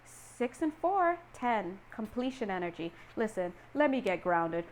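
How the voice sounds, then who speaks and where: A woman giving a casual tarot reading, animated and playful, acting out little scenes and laughing often. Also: medium pitch, slow pace, slight background noise. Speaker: tarot reader.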